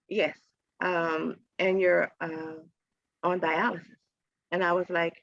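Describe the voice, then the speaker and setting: A woman, a podcast guest, telling a personal story in a casual interview. She acts out the voices in her story with big jumps in pitch and often laughs as she talks. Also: steady tone, slow, gravelly, fairly bright tone, dry recording. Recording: dry, slightly dull podcast audio.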